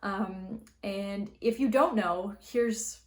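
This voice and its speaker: A young Canadian woman hosts a casual explainer video, chatty and loose with plenty of likes and ums. Her voice sits at an ordinary middle pitch. The room around her is echoey. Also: very slow. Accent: Canadian English. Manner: chatty, many fillers and likes. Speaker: linguistics video host.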